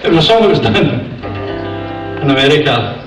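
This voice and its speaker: A man's voice: a little high, very animated, brisk, music in the background. An older Scottish man doing stand-up comedy, a chatty, self-mocking storyteller on a theatre stage. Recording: echoey theatre from far off.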